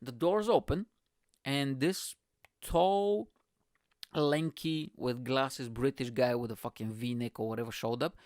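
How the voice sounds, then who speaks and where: A podcast host in his thirties who grew up in the Balkans talks through a funny story from his past. He swears freely and pokes fun at himself. His voice sits at an ordinary middle pitch, and the recording is dry with no room sound. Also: slow pace, darkish tone, no room sound. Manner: playful, profane, self-mocking. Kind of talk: comedic storytelling monologue.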